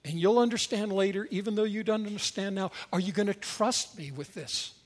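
A man voicing a calm, patient male teacher who reassures gently but firmly, in his own fairly high voice. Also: fairly quick. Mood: reassuring.

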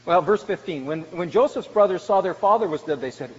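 A male pastor with a notably high voice delivers a sermon, pressing hard on key words and then dropping to a hush. The sound is dull and lo-fi, carried by the long reverb of a church sanctuary. A faint hiss sits underneath. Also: sing-song, moderate pace, hardly any pauses. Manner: preaching with swings from loud emphasis to hushed lows.

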